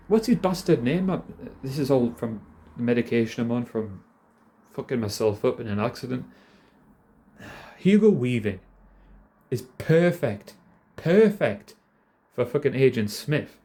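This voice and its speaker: Casting: a man with a mellow voice, rambling and profane, ranting casually into a hand-held phone. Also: on the high side. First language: not American. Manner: profane, rambling, laughs often. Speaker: vlogger.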